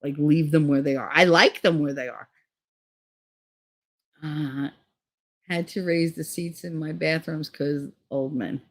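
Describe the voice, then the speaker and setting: A woman's voice: low-pitched, fairly even intonation, unhurried, long pauses. Swearing, rambling woman streamer. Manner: crude, rambling storytelling with frequent swearing. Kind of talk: casual chat.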